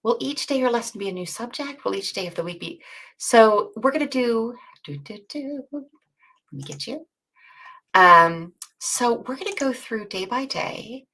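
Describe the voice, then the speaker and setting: A woman co-hosting a coding bootcamp livestream, chatty and self-deprecating with quick asides. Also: mid-range voice, lively intonation, bright, forceful tone, husky. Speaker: bootcamp co-host. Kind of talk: casual livestream teaching chat.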